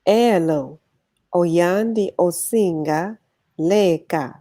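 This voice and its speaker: A woman practicing sentences in an online language class, repeating them slowly and carefully over a call microphone. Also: fairly low pitch, dark tone, no echo, clean studio sound. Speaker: student.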